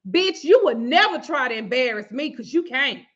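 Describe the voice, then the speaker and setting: A woman vlogger telling a story to her viewers in a profane, animated way. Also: sits high, normal speed, muffled recording. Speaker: tarot reader and vlog host.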